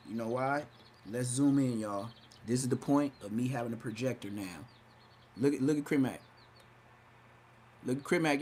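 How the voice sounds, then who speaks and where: A man with a medium-pitched, somewhat dark voice hosts a livestream podcast, trash-talking in a brash, mocking style. He sounds hyped and keeps dropping into exaggerated voices for his commentary. There's a faint hiss or hum on the recording.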